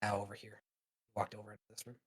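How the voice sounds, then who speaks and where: A man narrating as game master of a tabletop game, relaxed and meandering with many fillers. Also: lowish voice, fast talker, slightly rough.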